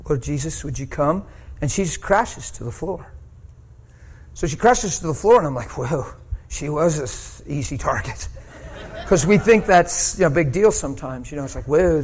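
A male preacher telling a story in a sermon, swinging from hushed asides to loud, shouted peaks. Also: a little high.

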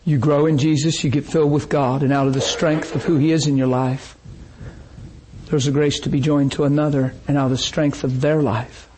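Man preaching an animated sermon. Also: a little high, moderate pace, slight background noise, rough recording. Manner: animated storytelling, acts out quoted voices. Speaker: pastor.

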